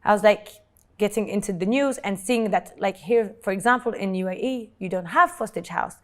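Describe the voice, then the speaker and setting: A woman, telling her own life story as an interview guest in an earnest, halting way, often repeating words when moved. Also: medium pitch. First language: French. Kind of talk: emotional personal storytelling. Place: Dubai.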